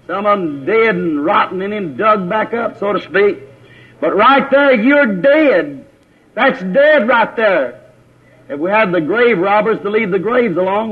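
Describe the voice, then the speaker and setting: A man preaching a sermon, repeating his points and putting questions to the congregation, calling on brothers by name. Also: sits high. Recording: tinny lo-fi phone-like recording.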